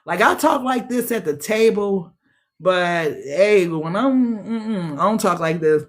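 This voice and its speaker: A woman's voice: medium pitch, lively intonation, slow pace. Blunt, profane woman reading tarot. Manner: blunt, profane, sassy slang. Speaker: tarot reader. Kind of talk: casual tarot reading livestream.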